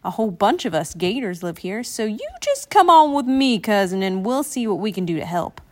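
A woman's voice: medium pitch, big pitch swings, fairly quick, a little mellow. A woman reading a storybook aloud, voicing a friendly male alligator who talks in a folksy, hearty, welcoming way.

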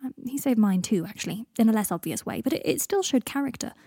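A woman's voice: fairly high pitch, sing-song, quick pace, creaky, warm tone, slightly rough, dry recording, clean studio sound, exaggerated voice. A woman voicing an anxious, earnest young man who stammers in a story reading. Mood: flustered. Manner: stammering, flustered.

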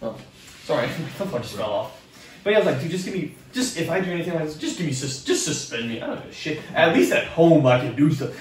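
A young podcast co-host rambles through school stories in a casual storytelling session, swearing heavily and acting out quotes. His voice is a little high with big pitch swings, and he talks fast. He is off-mic in an echoey room, with faint noise in the distant recording.

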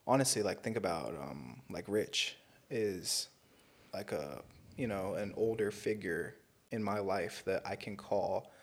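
A young man in his twenties with a lowish voice, chatting casually as a podcast co-host. He speaks bluntly and swears freely. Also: lively intonation, measured pace. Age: 20s. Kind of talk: casual chat.

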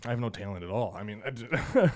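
Low-voiced man, easygoing and laughing. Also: lively intonation, darkish tone. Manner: agreeable, quick to laugh, swears casually. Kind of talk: casual chat.

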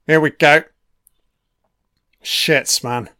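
Brief: male film commentator, unhurried, smooth clear voice, swears a lot, yells at the screen. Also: on the high side, fairly even intonation, no room sound, clean studio sound. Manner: swears constantly, cheers at the screen. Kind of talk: casual profane film reaction commentary.

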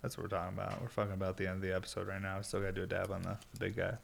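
A young man with a lowish voice talks through a solo podcast, rambling and laid-back. He is audibly stoned and leans on fillers and casual swearing. Faint noise and clicks sit behind him. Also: monotone, rapid-fire, vocal fry. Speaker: podcast host and glass blower.

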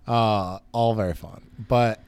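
A man's voice: lowish voice, fairly even intonation, takes it slowly, darkish tone, clear, resonant tone. A young man from Los Angeles co-hosting a podcast, telling a rambling story in casual chat and laughing often. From Los Angeles area. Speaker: podcast co-host.

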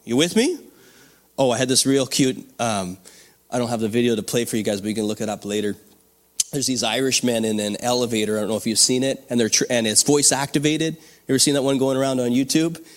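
A man preaching a sermon as pastor, animated and often asking the congregation for responses. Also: medium pitch, fast.

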